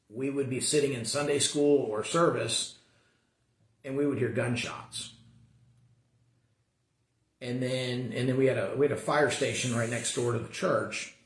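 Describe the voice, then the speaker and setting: A man teaching a Sunday school class, talking casually and earnestly, often restarting his sentences. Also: mid-range voice. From American suburbs. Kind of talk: casual Bible class talk. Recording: echoey room.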